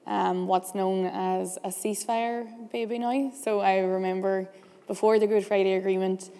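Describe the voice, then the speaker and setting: Young woman moderator, flat and mellow delivery, long hall reverb. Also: mid-range voice, normal speed. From Derry, Northern Ireland. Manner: relaxed, with frequent ums. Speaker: panel moderator. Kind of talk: panel discussion.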